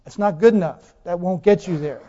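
A male pastor delivers a sermon in a high, soft-edged voice, questioning his congregation and hammering points through repetition. His words ring out with a long reverb through a large church hall. The recording is muffled and lo-fi. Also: fairly quick. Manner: asks the congregation questions, repeats phrases for emphasis.

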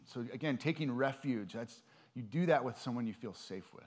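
A man preaching in a relaxed, conversational way, earnest and searching for words as he goes. His voice sits at an ordinary middle pitch, and his talk is loose and unpolished, full of small pauses and restarts. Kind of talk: informal sermon.

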